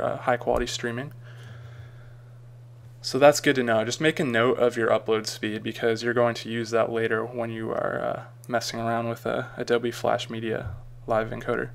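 Flat gravelly man giving a casual tutorial. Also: mid-range voice, a little hiss or hum. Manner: casual, rambling, frequent ums and uhs. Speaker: tutorial maker. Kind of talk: screen-recorded software tutorial.

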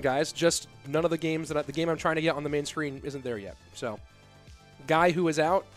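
A man's voice: a little high, a little fast, faint music behind. A man hosting a live stream, rambling and joking casually as he talks straight to his viewers from his home setup. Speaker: stream host and caster.

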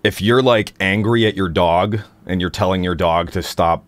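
A man's voice: normal speed, no echo. A man hosting a casual livestream about singing technique, rambling and playful with lots of fillers. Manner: rambling, playful, drops into silly high demo voices. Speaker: singer and stream host.

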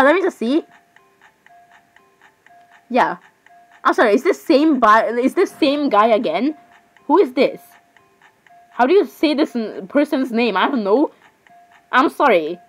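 A teenage girl talking fast and loose on her vlog, her voice sitting a bit high. She rambles dramatically, restarting and apologising over and over. Faint music plays behind her. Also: rough recording. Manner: fillers, restarts and repeated apologies, chatty and dramatic. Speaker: vlogger. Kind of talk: casual rambling chat.

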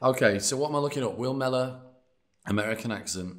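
A man's voice: mid-range voice, fast talker, fairly bright tone. A man co-hosting a podcast, teasing and sarcastic in casual chat. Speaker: podcast co-host.

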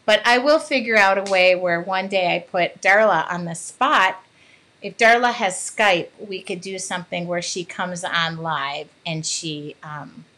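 A woman's voice: lowish voice, fairly bright tone. A woman hosting a casual livestream about art, chatting with viewers and laughing often. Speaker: art channel host. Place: home art studio.

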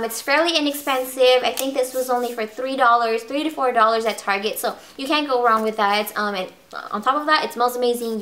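A woman's voice: high voice, a bit bright. A young woman chatting casually in a beauty vlog, bubbly and gushing, with many ums and restarts. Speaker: beauty vlogger. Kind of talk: casual monthly favorites vlog.

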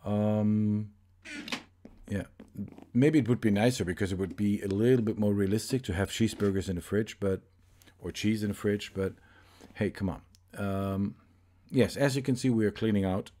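A man's voice: on the low side, warm tone. A man hosting a let's play, giving casual, rambling gaming commentary and often correcting himself as he goes. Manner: rambling, chatty, self-correcting.

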